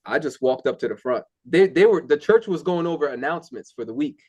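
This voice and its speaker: A young man speaking candidly in a relaxed conversation. He tells his faith story plainly and earnestly, with plenty of ums and restarts. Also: on the high side, a little fast, breathy edge, dull audio. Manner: candid, earnest, many fillers. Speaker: interview guest. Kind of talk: casual testimony.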